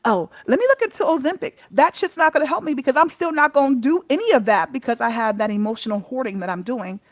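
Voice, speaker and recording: A woman telling a personal story in a candid casual chat over a video call, animated and laughing often, cursing freely. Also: on the high side, quick pace, dry recording. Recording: dull muffled lo-fi mic.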